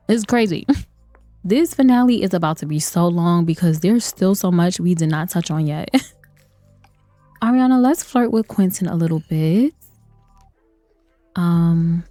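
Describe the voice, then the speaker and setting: A woman's voice: on the low side, mellow, no room sound. Chatty woman narrating a life-sim game. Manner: chatty, laughs often, talks to viewers. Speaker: gaming video creator. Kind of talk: let's play commentary. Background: faint game music.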